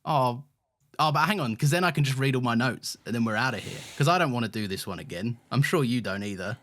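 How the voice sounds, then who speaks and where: A man's voice: medium pitch, quick pace. A man co-hosting a podcast, chatting playfully and laughing often. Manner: giggly, playful, animated. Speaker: podcast co-host. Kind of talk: casual chat.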